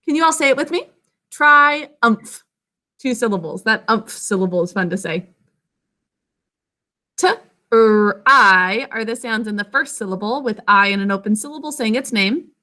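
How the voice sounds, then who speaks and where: A woman's voice: medium pitch, lively intonation, moderate pace, pushed and bright. A woman teaching a spelling and phonics lesson, sounding out words carefully and praising her pupils often.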